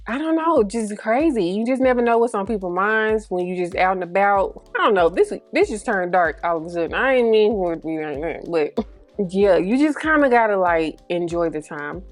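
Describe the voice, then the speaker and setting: Chatty breathy woman in her thirties. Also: medium pitch, lively intonation, normal speed, dry recording, soft background music. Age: 30s. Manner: chatty, slangy, rambling asides; a little breathy, holds breath mid-sentence. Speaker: beauty vlogger. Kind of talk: casual get-ready-with-me chat.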